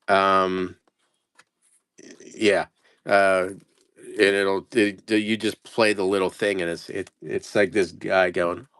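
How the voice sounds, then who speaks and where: A man's voice: fairly low pitch, a bit bright, clean tone, no echo. A man running a casual live sales stream, reading out place names and stumbling over how to say them, self-mocking. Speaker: live-stream postcard seller.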